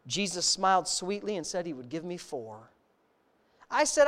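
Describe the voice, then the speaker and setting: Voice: mid-range voice, big pitch swings, fairly quick. A preacher giving a sermon, reading a story aloud and stopping to comment and ask the congregation questions, in an earnest, emphatic way.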